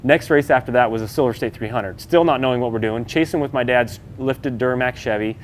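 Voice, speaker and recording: A man's voice: medium pitch, fairly quick, a little hiss or hum. A man, an off-road racer, telling his story in a loose, chatty way during an interview. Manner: loose and chatty, many fillers, acts out quoted dialogue.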